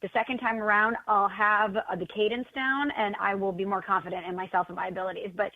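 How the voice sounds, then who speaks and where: A woman's voice: mid-range voice, steady tone, fast, no echo. Chatty woman on a tinny phone line. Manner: self-mocking, chatty storyteller. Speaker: radio guest. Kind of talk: casual radio chat.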